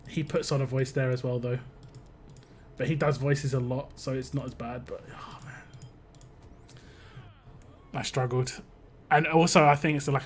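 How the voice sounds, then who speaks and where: A UK man hosts a live game stream, chatting casually with viewers while he plays, rambling and cutting himself off. His medium-pitched voice is fairly bright, with a little hiss or hum in the recording.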